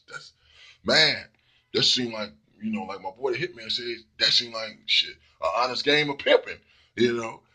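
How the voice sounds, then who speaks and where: A man's voice: mid-range voice, sharp tone, husky. A man giving a blunt, profane casual monologue full of fillers. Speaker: commentator.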